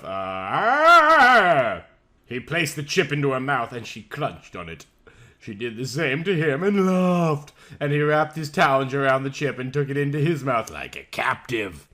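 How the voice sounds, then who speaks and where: A man's voice: mid-range voice, a bit bright. A man hosting his channel, giving a mock-serious comedic reading of fan fiction. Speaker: channel host.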